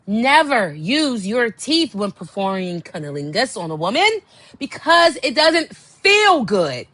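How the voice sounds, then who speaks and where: A young woman hosting a podcast, telling a candid story in a blunt, exasperated way, dropping to low murmurs and jumping to high outbursts. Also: sing-song, unhurried, pushed and bright, no room sound. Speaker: podcast host.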